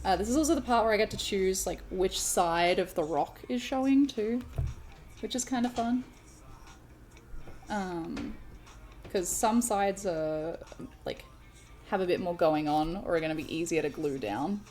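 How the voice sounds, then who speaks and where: Woman, livestream craft chat, slow and unhurried, rambling with lots of ums, faint music behind. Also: mid-range voice, a little mellow. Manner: rambling, many fillers and restarts. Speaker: streamer.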